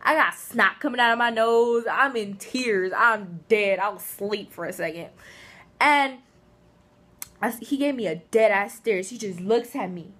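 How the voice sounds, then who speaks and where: A woman vlogger with a fairly high voice talks at a slightly slow pace. Giggly and talkative, she tells lively, funny personal stories casually to the camera.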